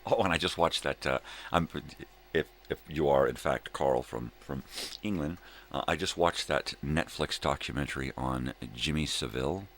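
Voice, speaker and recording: A man's voice: extremely low pitch, moderate pace, a bit bright, slight background noise. An older man hosting a casual livestream chat, rambling and laid-back, laughing often, hungover. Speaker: livestream host.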